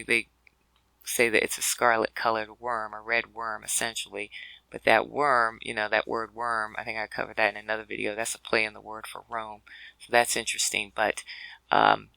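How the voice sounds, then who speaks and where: Gravelly, sharp-toned man teaching scripture words. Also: fairly low pitch, no room sound, rough recording. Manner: conversational, with many fillers and restarts; addresses listeners as brothers and sisters. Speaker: scripture word-study teacher. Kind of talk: explanatory video lesson.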